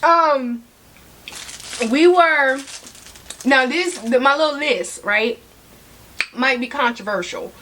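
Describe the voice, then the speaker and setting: Talking handbags directly to her viewers, a woman keeps a sassy, chatty tone as she eats, mouth sometimes full. Her high, a bit bright voice is slow with frequent pauses, and a slight hiss or hum is audible.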